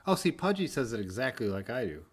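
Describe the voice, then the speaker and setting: A man hosts a relaxed livestream chat with a playful tone. His pitch moves around a lot, and he reads viewer comments aloud between laughs. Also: fast talker, husky. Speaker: livestream host. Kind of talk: casual chat.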